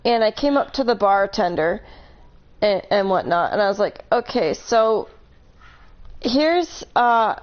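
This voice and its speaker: A woman's voice: medium pitch, lively intonation, a little slow, muffled recording. A woman casually telling a long story on a live stream, rambling, correcting herself and laughing between points.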